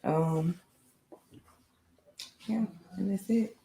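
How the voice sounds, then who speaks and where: A woman co-hosting a podcast who speaks quietly and hesitantly. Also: mid-range voice, very slow, creaky. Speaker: podcast co-host. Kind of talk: casual podcast chat. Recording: echoey room, off mic, faint room noise.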